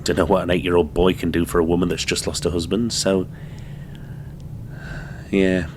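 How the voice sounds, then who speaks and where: A man playing a grown son who recounts his childhood in a halting, subdued way. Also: sits low, flat delivery, a little hiss or hum, close to an everyday voice. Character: weary grown son of abused mother.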